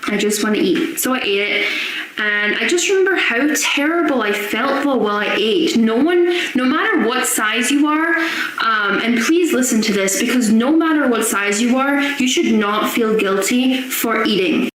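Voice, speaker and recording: A woman's voice: on the high side, expressive, moderate pace, a bit bright. A young woman earnestly telling a personal story with strong feeling. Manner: earnest, emotional recounting. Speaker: guest sharing a story. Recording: very echoey room with faint noise.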